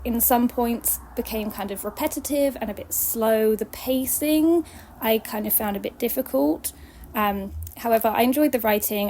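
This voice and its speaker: A woman's voice: medium pitch, a little mellow, a little hiss or hum. Chatty young woman reviewing books. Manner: chatty, frequent ums, earnest and enthusiastic. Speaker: book reviewer. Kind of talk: casual book review to camera.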